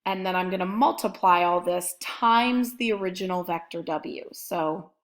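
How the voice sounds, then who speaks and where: A woman's voice: on the low side, moderate pace. A woman math instructor giving a recorded lecture, methodically talking through each step as she writes it out.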